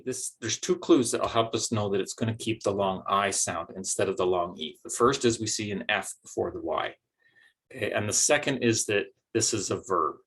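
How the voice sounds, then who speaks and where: A man's voice: lowish voice, a bit bright, slightly rough. A man teaching a recorded phonics lesson, explaining patiently step by step with some fillers.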